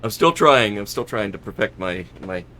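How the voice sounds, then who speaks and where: A man's voice: lowish voice, animated, normal speed, sharp tone, a little hiss or hum. A man hosting a live stream, chatting casually and rambling as he flies a flight simulator, often correcting himself and laughing.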